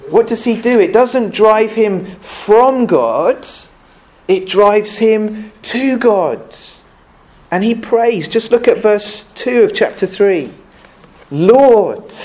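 A man's voice: high-pitched, darkish tone. A man preaching a sermon in church, conversational and earnest, often putting questions to the congregation.

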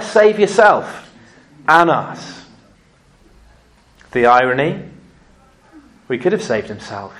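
A man preaching a sermon, telling stories lively and acting out what people said. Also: mid-range voice. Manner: lively storytelling, acting out quotes.

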